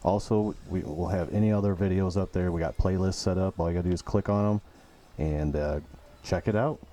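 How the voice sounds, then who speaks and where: A man co-hosting a casual podcast, laid-back as he gives shout-outs and plugs. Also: low voice, brisk. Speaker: podcast co-host. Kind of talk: casual chat.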